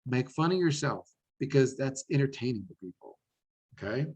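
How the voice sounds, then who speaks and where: A man presenting a business webinar, animated and enthusiastic, often repeating words as he talks. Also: mid-range voice, normal speed, slightly rough, low-quality recording.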